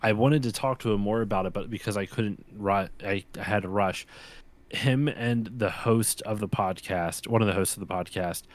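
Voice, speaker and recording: A man with a fairly low voice chats casually on a live stream. He rambles through his stories, restarting his sentences often. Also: normal speed. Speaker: podcast co-host. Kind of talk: casual chat.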